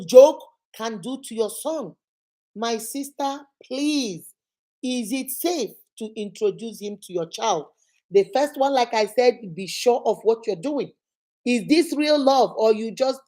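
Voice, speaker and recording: A woman's voice: a little high, mellow. A woman host giving relationship advice straight to the viewer, firing off rhetorical questions and calling her "my sister". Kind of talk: direct-address advice talk.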